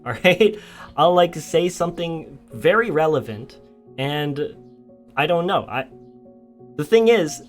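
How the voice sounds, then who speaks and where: A young man chatting casually on a livestream, telling a story with frequent laughter and reacting to chat. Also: on the high side. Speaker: streamer.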